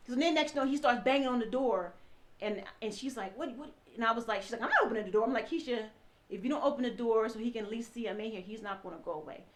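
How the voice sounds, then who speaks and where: A woman's voice: on the high side, fast. A woman with a slightly raised voice tells her own story in a rush of feeling. She acts out each person's words as she goes, and she stops and restarts her sentences often. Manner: animated, acts out quoted dialogue, restarts often. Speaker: guest telling her story.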